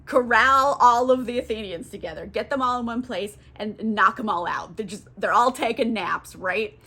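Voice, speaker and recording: A scheming male fairy king, as a woman puts him on, snaps out curt, dismissive orders. The voice sits somewhat high and brisk. It is told as a casual comic retelling. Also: sharp tone. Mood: bossy.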